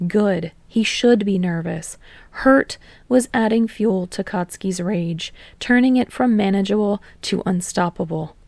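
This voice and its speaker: Woman narrating with a gravelly tone. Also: mid-range voice, a little slow, darkish tone, no room sound. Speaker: podfic reader. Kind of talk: fan audiobook narration.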